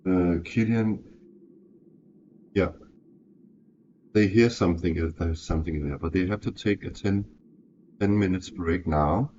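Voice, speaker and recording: A man with a low, mellow voice thinks aloud through a solo tabletop game, hesitant and self-correcting. He talks slowly, and the recording is dull and lo-fi with a faint hiss.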